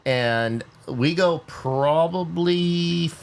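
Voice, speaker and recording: A man from California, hosting a podcast and telling a lively story, often repeating words as he gets going. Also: fairly high pitch, very slow, gravelly. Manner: animated, repeats words when excited. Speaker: podcast host. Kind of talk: casual storytelling.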